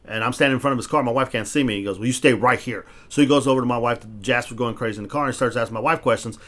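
A man's voice: mid-range voice, racing, fairly bright tone. A man hosting a casual podcast, telling stories in a heated, profane way and restarting his words when he gets worked up. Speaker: podcast host.

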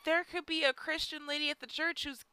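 A woman's voice: sits high, fairly even intonation, fairly quick, pushed and bright, no room sound, rough recording. A young woman telling a personal story in a casual podcast chat, full of "like" and "you know.". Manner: chatty, lots of "like" and "you know". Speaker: podcast host.

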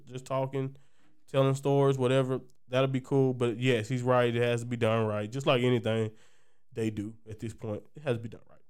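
A man's voice: medium pitch, a little mellow, clean tone. A man co-hosting a podcast in casual chat, rambling and joking, laughing often. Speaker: podcast co-host.

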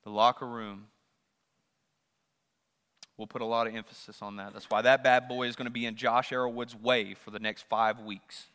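A man preaching a sermon as pastor, swinging between loud rising questions and hushed asides. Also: mid-range voice, flat delivery, moderate pace, pauses often, clear, resonant tone, in a large hall. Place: church sanctuary.

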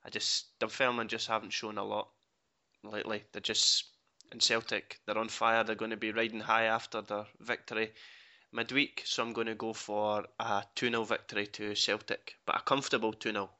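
Bright-voiced Scottish man hosting. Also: on the low side, monotone, normal speed, dull audio. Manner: teasing, runs the segment. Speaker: host. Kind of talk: casual podcast chat.

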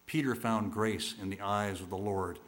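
A man's voice: lowish voice, steady tone, normal speed. Man preaching in a dramatic storytelling voice. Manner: rhetorical repetition, swinging between loud bursts and hushed lines.

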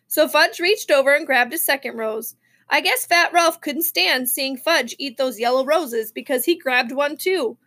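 A woman reading a children's novel aloud, expressive, with small slips and restarts. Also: high-pitched, measured pace. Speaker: reader.

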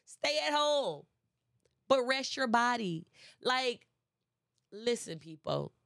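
A woman's voice: fairly high pitch, animated, slow, gravelly, a bit bright, dry recording, clean studio sound. A woman giving a casual inspirational talk, emphatic and chatty, repeating phrases and speaking straight to her listeners. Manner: chatty, addresses listeners directly. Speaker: motivational speaker.

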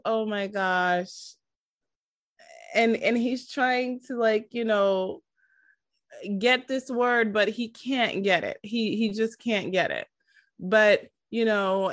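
An animated woman talks through a TV episode in casual chat, her voice sitting in the middle of a woman's range. She laughs easily and retells scenes with enthusiasm. The recording is close and dry, with no room sound. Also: mid-range voice, dry recording. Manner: animated, laughing, acts out quotes from the show. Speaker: podcast co-host reviewing a TV episode.

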